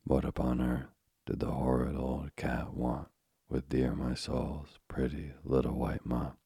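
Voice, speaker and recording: Man, bedtime story reader, slow, dark, husky, drawn-out. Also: rumbling low, flat delivery, no echo, clean studio sound. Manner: slow, solemn, dramatic storytelling. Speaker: narrator.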